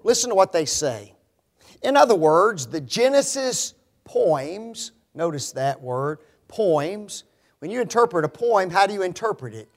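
A man with a strikingly high voice preaches emphatically, leaning hard on his words and peppering the audience with rhetorical questions. Whenever he repeats phrases he opposes, he mocks them with a scornful tone.

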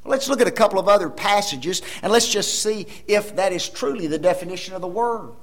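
A man preaching a sermon, emphatic, with rhetorical questions, swinging between loud stresses and soft asides. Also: high-pitched, lively intonation, fairly quick, low-quality recording.

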